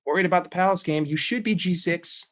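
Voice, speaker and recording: Brief: American streamer man, American accent, brash and foul-mouthed, slightly higher-pitched voice, desk mic. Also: fast, a bit bright. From United States. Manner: crude, swearing, joking. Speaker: streamer, football fan. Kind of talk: casual chat with viewers.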